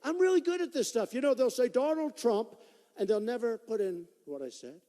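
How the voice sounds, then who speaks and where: A man speaking at a campaign rally, his pitch sitting fairly high and leaping up and down as he hammers points home. He repeats himself for emphasis in a loose, unscripted delivery, his voice dark in tone. A long reverb from a large hall trails every phrase. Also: animated, fairly quick. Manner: emphatic, repetitive, off-the-cuff. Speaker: political candidate. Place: large indoor rally venue.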